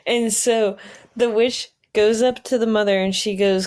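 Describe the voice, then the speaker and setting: A woman's voice: a little high, fairly even intonation, unhurried, a little mellow. A woman podcast host telling an improvised story in a casual, giggly way with many fillers.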